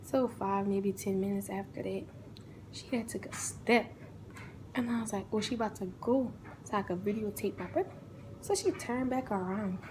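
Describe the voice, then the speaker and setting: Young adult woman, casual storytime vlog, animated, acts out each character. Faint noise. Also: medium pitch, normal speed.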